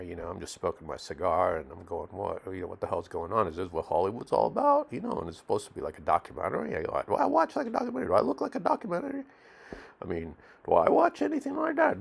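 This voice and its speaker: A streetwise, cigar-smoking man, played by a male actor, grumbles through a mock documentary interview in loose slang full of fillers. His voice is low and gravelly. His pitch jumps up and down a lot as he talks. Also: exaggerated voice.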